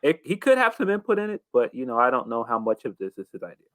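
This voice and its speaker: A man cohosting a casual wrestling podcast, talking in a measured, hesitant way. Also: medium pitch, very animated, pushed and bright, no room sound. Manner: measured, hesitant, with many restarts and fillers.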